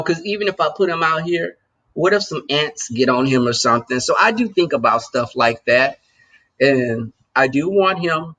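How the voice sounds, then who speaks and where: A man hosting a livestream and chatting casually with his viewers, loose and joking. His voice is slightly high, bright and husky, with a gravelly edge. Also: dull audio. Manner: loose and joking, talks straight to the chat. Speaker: livestream host. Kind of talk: casual chat with live viewers.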